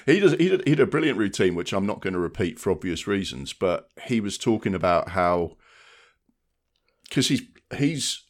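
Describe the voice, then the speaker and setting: A man co-hosting a film podcast, talking casually and often checking in with "do you know what I mean". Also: deep voice. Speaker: podcast co-host. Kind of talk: casual chat.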